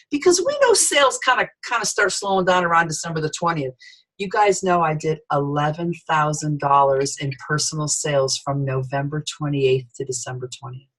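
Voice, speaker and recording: A middle-aged woman giving an animated sales training talk, telling stories with voices for the people in them. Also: deep voice, poor audio. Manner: storytelling, lively quoted voices.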